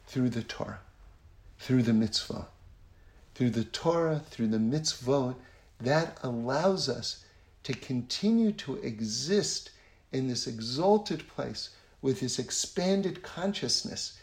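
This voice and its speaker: A man's voice: mid-range voice, darkish tone. A man teaching Torah and telling a personal story, earnest and conversational, repeating phrases for emphasis. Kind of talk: spiritual talk with personal story. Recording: roomy echo.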